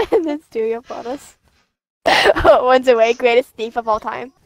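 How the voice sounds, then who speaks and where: A woman's voice: high-pitched, lively intonation, takes it slowly, no room sound. A young woman chatting casually with friends while playing a game, playful and teasing, often giggling. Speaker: gamer. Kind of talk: casual gaming chat with friends.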